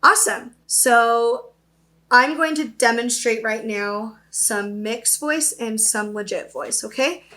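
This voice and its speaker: Upbeat young woman voice coach, high bright voice, keeps asking okay?. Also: takes it slowly. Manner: upbeat, explains then demonstrates, often checks with "okay?". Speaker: voice teacher. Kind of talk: virtual voice lesson.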